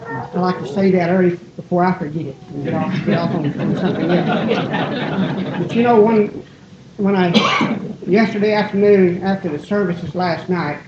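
A woman preaching a sermon in a church, folksy and digressive, often breaking off and gently poking fun at herself. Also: fairly low pitch, background noise. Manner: digressive, folksy, self-deprecating. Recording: roomy, dull lo-fi church recording.

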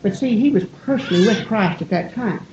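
A woman preaching a sermon in a church, folksy and digressive, often breaking off and gently poking fun at herself. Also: medium pitch, expressive, a little fast, background noise. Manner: digressive, folksy, self-deprecating. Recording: roomy, dull lo-fi church recording.

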